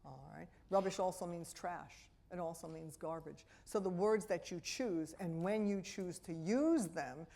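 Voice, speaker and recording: Brief: middle-aged woman, New York accent, lower pitch, animated wry lecturer who talks straight to the audience. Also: unhurried, gravelly, few pauses. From Brooklyn, New York. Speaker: speech and language pathologist giving a parenting talk. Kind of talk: lively public lecture to an audience. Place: auditorium before a live audience.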